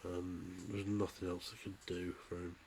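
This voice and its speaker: A man speaks in a vlog with a lowish voice, soft and tearful, his sentences breaking off and starting again. A faint noise sits under the recording. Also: flat delivery. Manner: halting, soft-spoken, pausing and restarting. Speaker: vlogger. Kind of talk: emotional farewell monologue.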